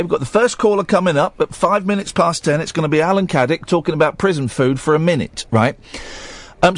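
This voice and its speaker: Brief: male radio phone-in host, high and animated voice, dry studio sound, chatty with a mock-stern edge. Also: no room sound. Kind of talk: late-night radio phone-in.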